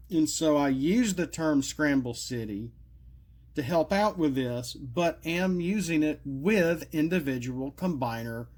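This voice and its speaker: A man's voice: a little high, a little mellow. Rambling man with a cracking voice. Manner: rambling, many fillers and asides, self-deprecating. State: voice cracking, coughing. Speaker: card game creator presenting custom cards. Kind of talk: casual solo video talk.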